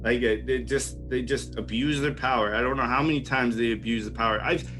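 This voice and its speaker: A man's voice: mid-range voice, a little fast, fairly bright tone, faint music behind. A young man telling a wild story in casual chat, swearing, laughing and acting out what people said. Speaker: podcast host telling a story.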